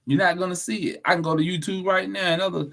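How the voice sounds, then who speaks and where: A man's voice: sits high, fairly even intonation, fast, creaky, fairly bright tone. Blunt, preachy podcast co-host man. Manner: blunt, preachy, profane, emphatic. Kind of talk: casual opinionated podcast talk.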